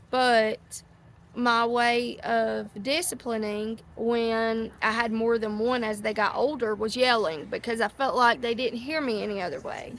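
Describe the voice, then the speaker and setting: Woman, middle-aged, casual rambling talk, phone mic outdoors, faint background noise. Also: a little high. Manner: rambling, sidetracked, folksy. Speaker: host. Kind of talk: casual chat to a live audience. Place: outdoors near ducks. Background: ducks quacking.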